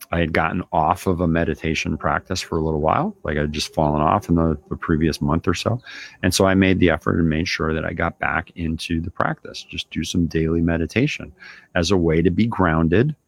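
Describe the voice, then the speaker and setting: A man's voice: sits low, moderate pace, gravelly. A man hosting a show, giving a casual coaching monologue in a loose, conversational way with lots of filler. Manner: loose, conversational, lots of "you know" and "right?". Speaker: business owner and show host.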